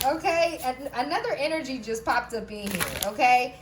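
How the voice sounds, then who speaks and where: A woman gives a loose, chatty tarot reading in a slightly higher voice. She checks in with "okay?" after almost every thought. She laughs often and drops the odd curse word. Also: lively intonation, normal speed, few pauses, background noise. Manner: repeats "okay?" often, laughs, swears casually. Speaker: tarot reader. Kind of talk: casual spiritual reading.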